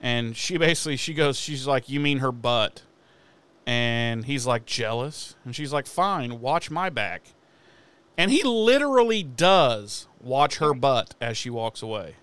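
A man retells a TV episode in loose, profane chat, jumping into the characters' lines as he goes. His voice is smooth and clear, at an ordinary pitch for a man. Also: measured pace, no echo. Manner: animated, swears a lot, acts out characters' lines. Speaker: podcast co-host recapping an episode. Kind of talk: casual profane recap chat.

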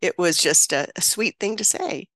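A woman in her seventies, a guest on an interview show, recounting a personal story in an earnest, reflective way with frequent pauses and restarts. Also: lowish voice, expressive, fairly bright tone, dry recording, studio quality. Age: 70s. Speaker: interview guest, birth mother and author.

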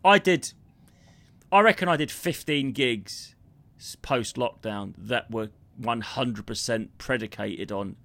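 A man, a comedian co-hosting a podcast, telling stories and ranting in a sweary, animated way. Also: medium pitch, takes it slowly, gravelly, no room sound. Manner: sweary, ranting, jumps between impressions and storytelling. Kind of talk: casual comedy chat.

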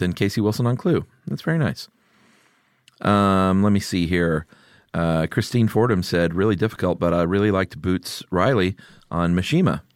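A middle-aged man with a very low voice hosts a casual podcast chat. He is easygoing and laughs readily. The sound is close and dry. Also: clear, resonant tone, no room sound. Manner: laid-back, laughs often, reads listener picks aloud. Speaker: podcast host.

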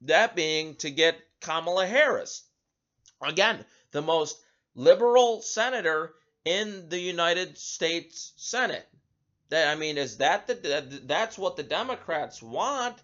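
Animated male talk show host. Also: fairly high pitch, takes it slowly, muffled recording. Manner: animated, emphatic, repeats words when starting sentences. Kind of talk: opinion talk monologue.

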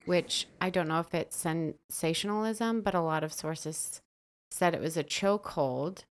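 Low-voiced woman narrating true crime. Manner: narrates from notes, dry asides. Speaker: podcast co-host.

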